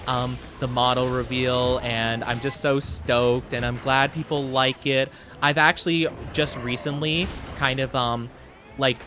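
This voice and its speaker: A young man streams a game and banters playfully with his chat, his medium-pitched voice set against a noisy background. He's excitable and reacts loudly to what viewers type in this casual livestream.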